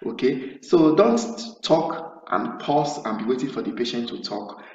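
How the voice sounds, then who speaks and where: A man's voice: mid-range voice, lively intonation, unhurried, darkish tone. A man tutoring nurses for an English speaking exam, explaining step by step and often restarting his phrases. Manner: explanatory, acts out sample nurse-patient dialogue. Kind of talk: spoken lesson. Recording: roomy, distant, dull sound.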